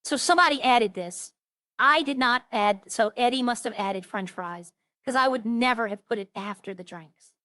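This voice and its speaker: A woman's voice: a little high, normal speed, bright, forceful tone, no echo. A woman chatting casually on a roleplay stream, rambling through funny stories and imitating the people she quotes.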